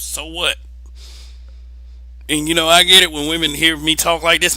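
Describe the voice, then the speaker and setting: A man's voice: fairly high pitch, level tone, normal speed, pauses often, bright, forceful tone, no room sound, poor audio. A young man giving blunt, profane opinions in a casual monologue, repeating words as he presses his point.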